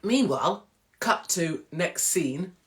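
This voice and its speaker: A woman's voice: on the low side, animated, takes it slowly. A brash woman hosting a casual comedic monologue, mocking, chatty and full of swearing. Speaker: host. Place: indoors at home, pub-themed set.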